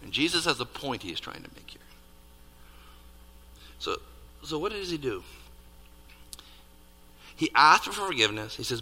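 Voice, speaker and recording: Animated male preacher in a reverberant hall. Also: medium pitch. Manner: animated, rising to near-shouts on emphasis, dropping to hushed asides. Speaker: pastor. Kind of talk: sermon.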